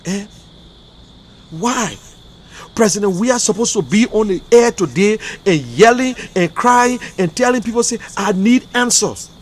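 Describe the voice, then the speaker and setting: A man's voice: high-pitched, expressive, moderate pace. A man from Liberia with a Liberian English accent, hosting an online talk show in an emotional, fiery style full of repeated outbursts. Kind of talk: impassioned livestream commentary.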